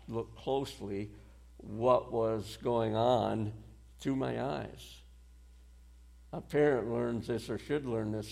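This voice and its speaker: A male preacher delivers a sermon at an unhurried, measured pace, letting each phrase land before moving on. His voice has a gravelly, creaky texture. He speaks at a middle pitch with deliberate weight. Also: darkish tone. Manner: slow, deliberate delivery with pauses and short dry laughs.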